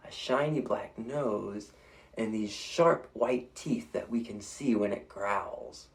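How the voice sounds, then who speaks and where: Unhurried and fairly low-pitched, this storytime reader shares a picture book with kids and playfully gets them to join in on the animal noises.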